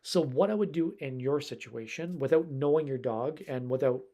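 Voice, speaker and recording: A man's voice: medium pitch, normal speed, warm tone. A man who works as a dog trainer and behavior specialist, answering viewers' questions in a casual live stream and rambling in a conversational way.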